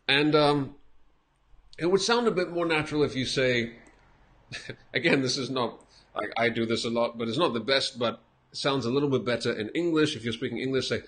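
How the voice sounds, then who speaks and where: A man teaching English in a relaxed, patient way. He breaks phrases down, repeats them and chuckles lightly between points. His voice sits in a plain middle range. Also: medium pitch. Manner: patient, explains slowly with repeated examples and light laughs. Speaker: English teacher giving feedback. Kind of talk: casual spoken lesson.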